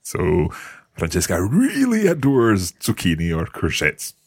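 A man's voice: sits low, huge pitch swings, a little slow, breathy edge, no room sound, clean studio sound. A man teaching a language lesson, patiently asking questions and encouraging his students.

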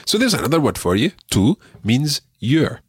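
A man teaching a radio language lesson, patient and encouraging, repeating words slowly for the learner. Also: medium pitch, very animated, breathy edge, dry recording, studio quality.

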